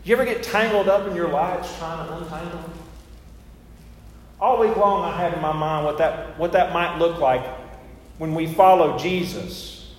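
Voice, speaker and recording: A man's voice: fairly high pitch, moderate pace. Chatty male pastor in an echoey church. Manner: chatty and storytelling, with asides and self-mocking humor. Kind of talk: conversational sermon. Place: church sanctuary. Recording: echoey church hall with faint noise.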